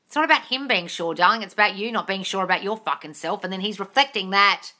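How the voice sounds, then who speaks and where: Woman, non-native English accent, blunt and sweary, bright forceful tone, casual live-stream chat, slightly stuffy nose. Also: medium pitch, quick pace. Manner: blunt, sweary, calls viewers darling. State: runny nose from the cold. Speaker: manifestation coach answering live comments. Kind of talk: casual live-stream Q&A, reading comments aloud. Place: large open room in a house. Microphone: phone livestream.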